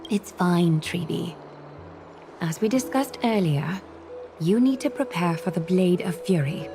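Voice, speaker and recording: A poised, commanding woman guardian in a video game, speaking in a calm, low register that sometimes drops to a breathy hush. Game music plays underneath the dialogue. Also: a little slow. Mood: calm, assured.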